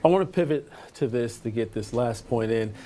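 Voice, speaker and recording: A male news host briskly setting up a story and putting questions to his guest. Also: medium pitch, lively intonation, mellow, slight background noise. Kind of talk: news interview hosting.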